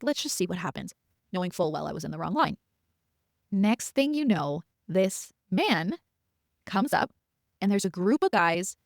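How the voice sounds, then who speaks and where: Fairly low and gravelly, her voice comes through clean studio audio with no room sound. She hosts a podcast, is in her thirties, and casually narrates a personal story, chuckling here and there and quoting herself in little asides.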